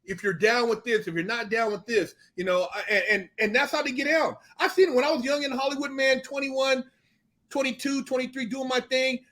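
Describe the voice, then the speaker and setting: A man talking as a podcast guest, telling animated, profane stories and acting out what others said. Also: extremely high pitch, a little fast. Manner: animated storytelling, profane, acts out quoted dialogue. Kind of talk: casual podcast conversation.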